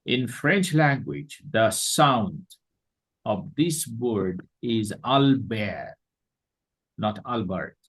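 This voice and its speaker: Bangladeshi guy teaching a class, real slow and husky, says everything twice. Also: mid-range voice, animated, a bit bright, low-quality recording. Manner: slow, deliberate, repeats points. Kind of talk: classroom lecture.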